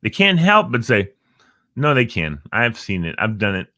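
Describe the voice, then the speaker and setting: A man's voice: fairly low pitch, normal speed, dry recording, clean studio sound. A man hosting a casual live stream, reading uplifting quotes and joking with viewers by name. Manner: animated, jokey, chats to viewers by name. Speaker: host of a live encouragement stream.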